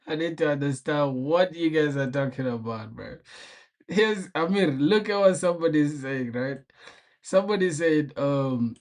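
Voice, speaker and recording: A man's voice: medium pitch, darkish tone. A young man live-streaming while he codes, chatting casually with slang, mumbling code aloud and often breaking into laughter.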